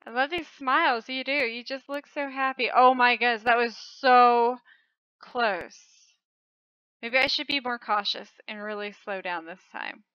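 Woman host, excitable and gasping, commenting on her own play. Smooth, crisp voice on a dry, dull recording. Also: fairly high pitch, unhurried, no echo. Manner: excitable, frequent gasping exclamations. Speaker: channel host. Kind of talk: casual game commentary.

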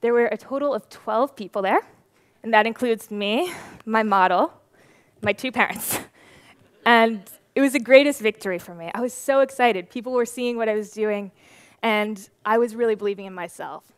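A woman's voice: fairly high pitch, clean tone, no echo. Young woman telling a story on stage. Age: 20s. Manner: lively, animated storytelling with quick laughs. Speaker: conference speaker. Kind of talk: storytelling conference talk. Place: stage at a conference.

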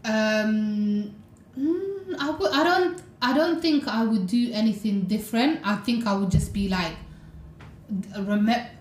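A woman's voice: a little high, measured pace, reverberant, a little hiss or hum. A young woman chatting on a podcast, telling stories animatedly with lots of "like" and "you know". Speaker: podcast co-host. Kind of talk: casual podcast chat.

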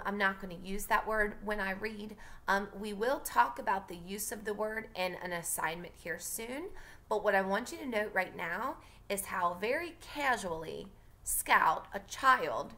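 A woman's voice: medium pitch, unhurried, sharp tone. A young woman teacher reading a novel aloud and chatting casually to her students between passages. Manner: chatty, filler-heavy asides. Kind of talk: audiobook reading with classroom asides.

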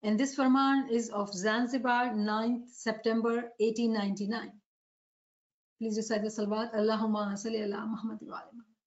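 Woman preacher, high voice, muffled recording. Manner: asks rhetorical questions to the audience. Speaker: religious preacher. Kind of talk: devotional sermon lecture.

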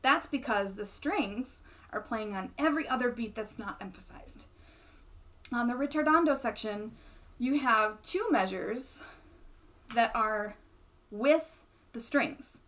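A young woman with a slightly higher voice teaches patiently. She explains each point step by step and often checks in with a quick "right?". The tone is that of an instructional lesson. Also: a bit bright. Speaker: bassoon teacher.

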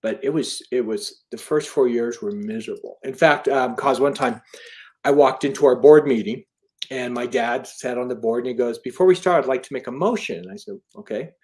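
Middle-aged guy telling a heartfelt story, earnest, stops and restarts a lot, average pitch. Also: a little mellow. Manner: earnest, halting storyteller with many restarts and quoted dialogue. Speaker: author and interview guest. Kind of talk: personal storytelling in an interview.

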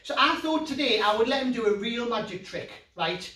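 Playful North East English man, children's magician, high-pitched, recorded roomy and distant. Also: brisk. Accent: Geordie. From North East England. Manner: playful, excitable, talks straight to the kids at home. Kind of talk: children's comedy magic show.

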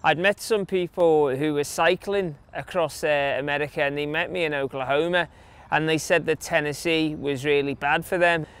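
Chatty English man, smooth voice. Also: on the high side, fairly even intonation, normal speed, a bit bright. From England. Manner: chatty, anecdotal, many fillers. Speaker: interviewee, long-distance runner. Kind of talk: casual storytelling interview.

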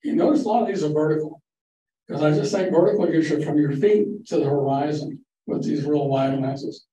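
Slightly high and a touch quick, his voice has a dark tone and a lo-fi quality. The older man is a guest presenter at a photography club meeting in a library room, giving a loose, rambling slide-show talk with folksy anecdotes. Faint hiss and room echo come through, since he's recorded from far away.

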